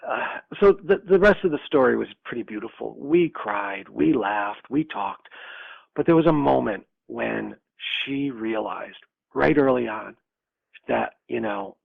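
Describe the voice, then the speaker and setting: A man's voice: mid-range voice, measured pace, creaky, breathy edge, no echo. A man in his sixties from upstate New York, a podcast guest telling a personal story with laughs and acted-out dialogue. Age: 60s. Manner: animated storyteller, laughs often, acts out dialogue. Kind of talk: storytelling interview. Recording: dull lo-fi dry sound.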